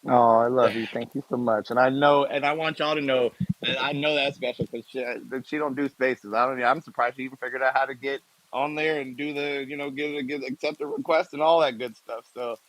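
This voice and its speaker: A man's voice: medium pitch, steady tone, fairly quick, a bit bright, no room sound, poor audio. A man chatting casually and playfully in a live audio chat, rambling and correcting himself as he goes. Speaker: guest artist.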